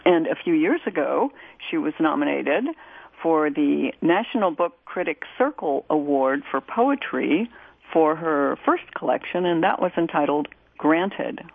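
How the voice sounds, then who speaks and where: A woman radio host reads a poem in a low, measured voice, taking her time over each line. The sound is thin and tinny, like a phone line, with no room around it. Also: lively intonation, creaky, husky, no room sound. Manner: measured, deliberate reading. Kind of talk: poetry reading and music introduction.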